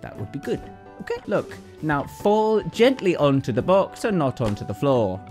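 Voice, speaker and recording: A gaming YouTuber gives exasperated, self-mocking game commentary and yelps often. His voice is a little high with big pitch swings at a moderate pace, and music plays in the background.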